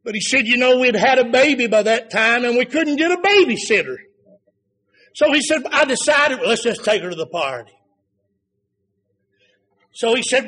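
A man preaching a sermon, rising to fervent shouts and then dropping to quiet, low passages.

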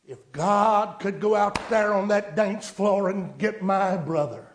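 A man's voice: high voice, slow, reverberant. A man preaching a sermon, telling a story in a down-home way and rising to emphatic pleas to his listeners. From rural United States.

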